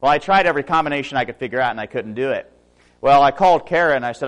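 A man's voice: medium pitch, lively intonation, racing. A man in his early thirties, a preacher, delivering a sermon full of self-mocking stories and humor. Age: 30s.

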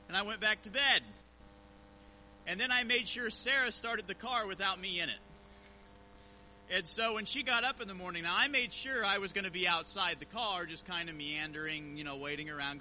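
A male pastor with a high, very bright voice tells a story and reads scripture in an easy, conversational way. A faint hum sits behind his voice. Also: poor audio. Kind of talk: sermon.

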